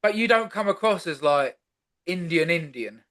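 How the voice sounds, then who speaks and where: A man's voice: fairly high pitch, lively intonation, moderate pace, a bit bright. A man hosting a comedy podcast who chats casually and jokes around, swearing now and then and restarting his sentences. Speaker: podcast host. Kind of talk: casual chat.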